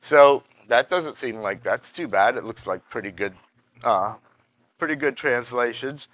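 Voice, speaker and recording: A man teaching a Bible study lesson, halting and restarting often and reading scripture passages aloud. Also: medium pitch, lively intonation, dry recording, dull audio.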